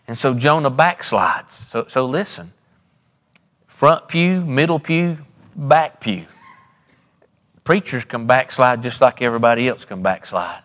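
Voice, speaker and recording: Pastor guy preaching, repeats himself a lot, goes loud then quiet, big echoey church. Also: medium pitch, normal speed. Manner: preacherly, repetitive, rises and drops dramatically. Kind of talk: sermon. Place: church sanctuary.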